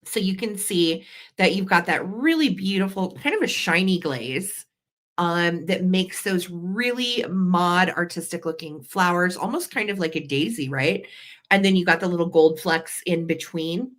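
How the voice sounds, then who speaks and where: A woman's voice: on the low side, animated, moderate pace, a bit bright. A woman hosting a live vintage sale, chatty and gushing, with an allergy cough. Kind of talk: live auction selling chat.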